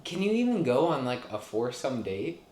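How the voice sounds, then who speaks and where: A man's voice: mid-range voice, sing-song, moderate pace, a little mellow, a little hiss or hum. A young man co-hosting a podcast in his apartment, chatting casually and self-deprecatingly with many fillers. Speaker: podcast co-host. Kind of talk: casual chat. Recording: echoey apartment room.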